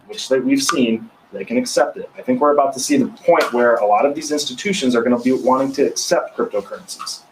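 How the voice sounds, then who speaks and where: A man taking part in a casual roundtable as a guest, explaining points in a measured way. His voice is mid-pitched, with a faint hum in the background. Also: low-quality recording. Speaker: guest panelist.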